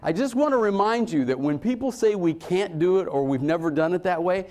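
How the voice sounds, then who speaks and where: A man speaking to a conference room in a lively, fairly high voice. His pitch leaps around as he drives points home, then drops into quiet asides. He talks like a motivational speaker working the crowd. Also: brisk. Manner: animated, swings between loud emphasis and low asides.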